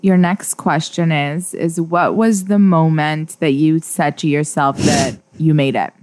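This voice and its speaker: A woman co-hosts a casual podcast, reading out questions in a somewhat low voice. She teases and pushes her partner with a playful manner. The recording is close and dry. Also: steady tone, measured pace, a little mellow, dry recording. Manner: teasing, reads listener questions. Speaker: podcast co-host.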